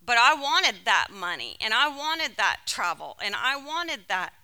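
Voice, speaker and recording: A woman from California delivering a sermon by telling a personal story in an animated, emotional way. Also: on the high side, measured pace. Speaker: speaker.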